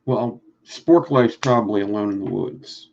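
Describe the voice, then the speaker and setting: A man with a Philadelphia accent talking fast and swearing freely while teaching coil building on a live stream. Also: fairly low pitch, vocal fry, lo-fi sound, heavy background noise. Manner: fast-talking, profane, rambling. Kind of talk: casual live-stream chat.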